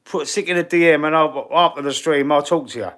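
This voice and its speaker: A man's voice: on the high side, brisk, a bit bright. A middle-aged man with a Cockney London accent hosts a football channel's live stream. He rambles casually, reads viewer comments aloud, answers them, and swears now and then.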